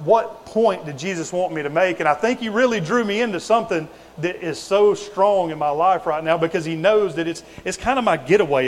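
Folksy preacher man in a reverberant hall. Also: a little high. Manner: conversational, folksy preaching with asides. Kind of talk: sermon.

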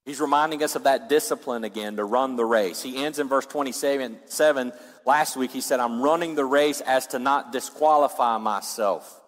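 Preaching man in an echoing hall. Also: normal speed. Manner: preaches with wide swings, loud rising passages then dropping low and quiet. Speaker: pastor. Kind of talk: sermon. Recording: long reverb of a large hall.

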